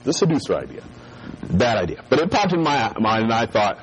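A man's voice: mid-range voice, fairly quick, rough recording. A man preaching a sermon and telling a childhood story, acting out the voices of the people in it. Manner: animated storyteller who acts out voices.

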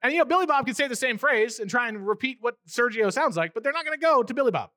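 A male pastor preaching a conversational sermon, animated and acting out little voices as he goes. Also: very high voice, quick pace, dry recording, studio quality.

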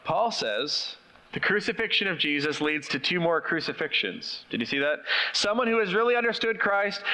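A man's voice: sits high, sharp tone. A middle-aged man preaching a sermon as pastor, conversational and questioning his congregation. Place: church. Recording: long reverb of a church hall.

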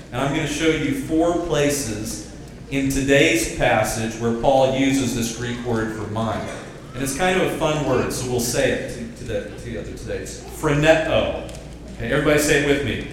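A man's voice: medium pitch, noisy background. A man preaching a sermon as pastor, drawing the congregation into call-and-response. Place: church sanctuary. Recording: very echoey church hall, distant mic.

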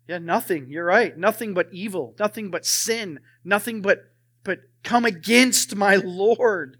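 A young man preaching a sermon and telling his own testimony, swinging from loud emphasis to hushed, near-whispered lines. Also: a little high, normal speed.

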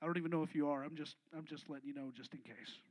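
A young adult man, a pastor, preaching a casual, slangy sermon that swings between hushed asides and loud, emphatic lines. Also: on the high side, rapid-fire.

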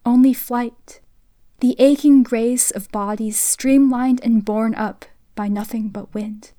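A woman reads literary fiction in a quiet, intimate voice that is fairly high but mellow and warm. Her delivery is hushed and sometimes slips into a whisper. The recording is close and dry, with no room sound. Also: steady tone, slow pace, no room sound. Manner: soft and hushed, dropping to a whisper at times. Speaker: reader of a short story. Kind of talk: literary reading in second person.

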